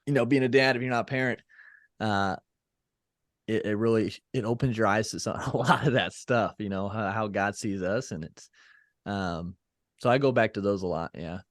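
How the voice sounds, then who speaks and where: A man's voice: on the low side, moderate pace, no room sound, clean studio sound. A man as a podcast guest in casual interview chat, reflective and loose, with many fillers and restarts.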